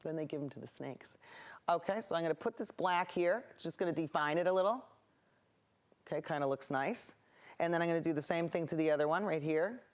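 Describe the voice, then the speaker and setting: A woman's voice: low-pitched, a little fast. A woman hosting a local TV painting show, chatting in rambling, cheerful tangents as she paints. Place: local access TV studio.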